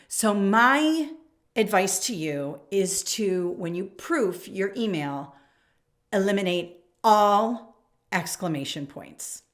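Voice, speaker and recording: A woman in her forties, an education coach, speaks slowly to camera in a medium-pitched voice with lively intonation. Directly and emphatically, she instructs teachers on email habits and reads sample emails aloud.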